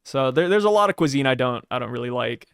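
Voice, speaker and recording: A man's voice: mid-range voice, expressive, fast talker, fairly bright tone, clear, resonant tone, dry recording, clean studio sound. A man hosting a casual podcast discussion, laid-back and jokey, poking fun at himself. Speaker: anime podcast host. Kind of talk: casual chat.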